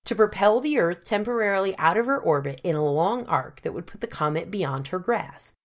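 A woman reading the part of an earnest male gentleman scientist who explains his plans in long, precise, formal sentences. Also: medium pitch, lively intonation, brisk, pitched above the performer's own voice.

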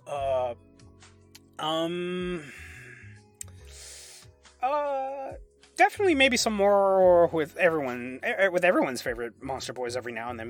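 A man who writes and performs audio scripts, answering fan questions in a loose, chatty way. He trips over his words, restarts sentences and laughs a lot. Faint music runs quietly behind him. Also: medium pitch. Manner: rambling, many fillers and restarts, laughs often. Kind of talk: casual fan Q&A.

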